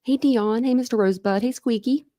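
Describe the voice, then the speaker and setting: A woman's voice: fairly high pitch, fairly quick, dark tone, no room sound, studio quality. A woman in her thirties hosting a casual true crime livestream, chatting and greeting viewers by name.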